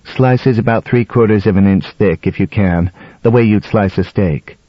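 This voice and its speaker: A man voicing an insistent, sharp-tongued wife hosting a dinner, in a dull, dry audiobook recording. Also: lowish voice, normal speed, no room sound, natural voice.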